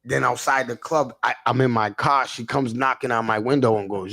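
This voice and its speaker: Gravelly man ranting on a livestream. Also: medium pitch, steady tone, normal speed, pushed and bright. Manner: rambling, repeats himself, stammers and restarts, answers chat comments. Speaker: livestream host. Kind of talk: casual livestream rant.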